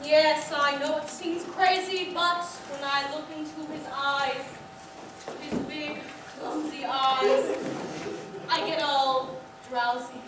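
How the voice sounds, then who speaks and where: A woman's voice: high voice, fairly even intonation, takes it slowly. A young woman playing a tipsy, theatrical chaperone with a languid, grand manner on stage. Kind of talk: stage musical acting. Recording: echoey auditorium, distant mic, noisy.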